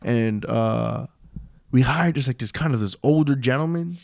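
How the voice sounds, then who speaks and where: A man's voice: medium pitch, moderate pace, vocal fry, darkish tone, no room sound, studio quality. A man in his twenties telling a long story in casual podcast chat, rambling with many restarts and swearing freely. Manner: rambling, profane, restarts and trails off. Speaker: podcast co-host.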